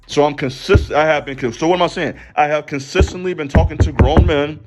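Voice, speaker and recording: A man's voice: a little high, a little fast, dull audio, over loud music. A man giving a passionate, preachy commentary monologue on his channel, direct and full of slang. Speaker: YouTube commentator and counselor.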